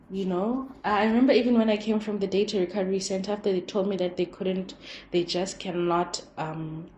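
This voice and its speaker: A young woman hosting her own show, telling personal stories in a rambling, expressive, reflective way. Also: medium pitch. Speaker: podcast host. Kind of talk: personal storytelling monologue. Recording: echoey room with faint background hum.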